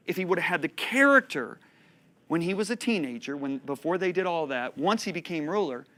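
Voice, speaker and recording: A man in his fifties preaching a sermon, telling stories with animated delivery and frequent laughter. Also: a little high, brisk. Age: 50s. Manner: animated storytelling, laughing between points.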